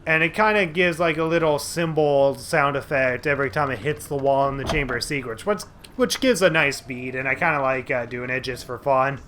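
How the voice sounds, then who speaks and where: A man's voice: medium pitch, fairly quick, few pauses, background noise. A man giving casual, rambling commentary over a video game he is playing at home, with lots of fillers and restarts. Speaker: let's play host.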